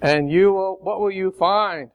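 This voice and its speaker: A man from Chicago preaching a sermon in an unhurried, deliberate way. His voice sits a little high for a man, and he coaxes and drills the congregation in call-and-response, slipping in light jokes along the way. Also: a crowd in the background, poor audio. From Chicago, United States. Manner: coaxing, emphatic, jokes with the congregation.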